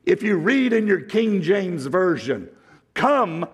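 A man preaching a sermon, slow and deliberate, swinging from emphatic highs to hushed lows. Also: very animated, breathy edge, in a large hall. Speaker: pastor.

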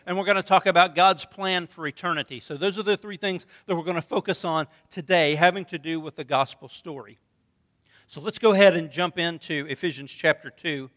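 A pastor with a high, bright, ringing voice delivers a sermon in a sanctuary, his words fading into the long reverb of the church hall. His manner is relaxed and conversational, with storytelling and light humor.

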